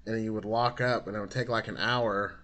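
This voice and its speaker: A man hosting a podcast, asking questions in a relaxed way and laughing along. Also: lowish voice, fairly quick. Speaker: podcast host. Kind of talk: casual interview chat.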